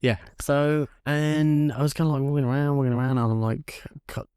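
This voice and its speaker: A man's voice: medium pitch, normal speed, clean tone, no echo, studio quality. A young man, co-hosting a podcast, telling a story with lots of swearing and acted-out voices of the people in it. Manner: animated storyteller who acts out quoted voices and swears freely. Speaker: podcast co-host. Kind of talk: casual storytelling chat.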